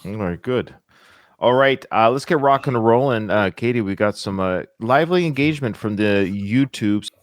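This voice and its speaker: A man's voice: on the low side, expressive, moderate pace, no echo. A man hosting a casual podcast, chatty and rambling, with frequent filler words. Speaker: podcast host.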